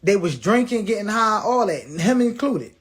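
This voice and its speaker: A man's voice: high-pitched, big pitch swings, normal speed, slightly rough. A man telling viewers a personal story in a blunt, profane way, restarting his words and acting out what people said. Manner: blunt, profane, acts out quoted dialogue; repeats and restarts words often.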